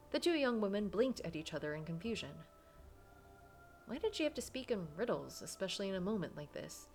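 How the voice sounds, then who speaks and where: A woman's voice: medium pitch, sing-song, a little fast, soft background music. A woman reading a visual novel aloud, narrating dramatically and breaking off for casual asides. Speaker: game player reading aloud.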